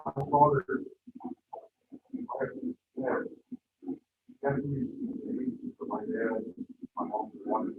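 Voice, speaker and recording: A man in a church class sharing a casual, halting story. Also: mid-range voice, slight background noise. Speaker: class member. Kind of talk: casual anecdote. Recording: tinny, very echoey, from afar.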